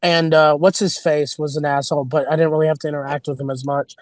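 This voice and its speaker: A man's voice: fairly high pitch, little pitch movement, fast, no echo. A male comedian chatting as a podcast guest, telling rambling stories and acting out what people said. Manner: rambling storyteller, acts out quotes. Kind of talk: casual podcast chat.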